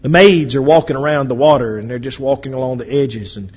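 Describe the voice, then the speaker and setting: A man preaching a sermon, acting out voices and swinging between loud and quiet. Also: mid-range voice, fairly quick, husky, highs cut off. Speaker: pastor. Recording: echoey hall with long reverb.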